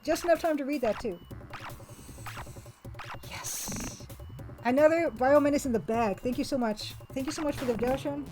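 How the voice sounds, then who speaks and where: A woman's voice: sits high, normal speed, long pauses, a little mellow, faint music behind, low-quality recording. A woman streamer chatting casually and laughing often as she plays a retro game, reading its text aloud. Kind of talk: casual live-stream chat while playing a retro game.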